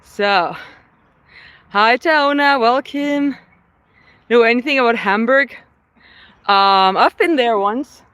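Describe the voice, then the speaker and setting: A woman live-streaming her outdoor workout, chatting with viewers and counting reps out loud, a little winded at times. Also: fairly high pitch, slow pace, long pauses, smooth, no room sound. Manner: chatty, reads viewer comments aloud between sets. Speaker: fitness vlogger. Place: outdoors in a city. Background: faint traffic and street noise.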